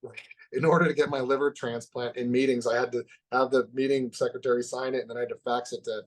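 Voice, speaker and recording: A man as a podcast guest, telling a personal story in an open, reflective way that drops soft at the heavy parts. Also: medium pitch, flat delivery, quick pace. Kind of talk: candid conversational storytelling.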